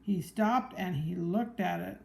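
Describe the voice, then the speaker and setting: Slow gravelly woman reading a picture book. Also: on the low side, poor audio. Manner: gentle, pointing out pictures. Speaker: storybook reader.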